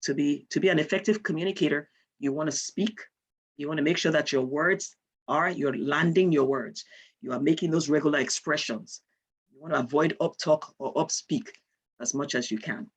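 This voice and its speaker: A woman's voice: low-pitched, moderate pace, breathy edge. A woman from Nigeria, giving an online lecture and explaining with example sentences.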